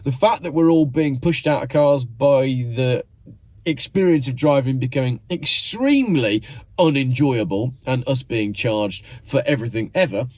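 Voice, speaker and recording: A man's voice: mid-range voice, lively intonation, moderate pace, a little mellow, dry recording. A man hosting his own channel, giving sarcastic, mock-exasperated commentary. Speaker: channel host.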